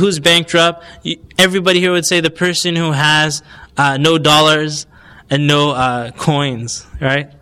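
Male lecturer, slightly high, bright voice, conversational, questions the audience. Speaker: Islamic lecturer. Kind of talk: recorded lecture.

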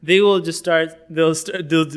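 A man giving an informal lecture on outreach techniques, animated and conversational, often acting out little dialogues. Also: fairly high pitch, measured pace, clean tone. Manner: conversational with fillers and asides.

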